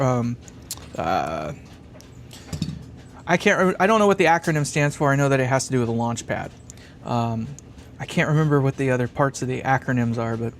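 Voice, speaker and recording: A man hosts a casual live stream while building a guitar amp at a workshop bench, reading comments, thinking aloud and chuckling. He speaks at medium pitch, and there's a little hiss or hum.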